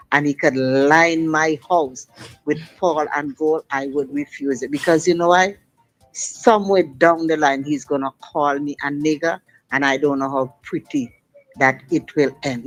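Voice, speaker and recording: Woman, middle-aged, radio caller, phone line, impassioned, emphatic, run-on sentences, faint music behind. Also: sits low. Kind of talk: call-in radio talk.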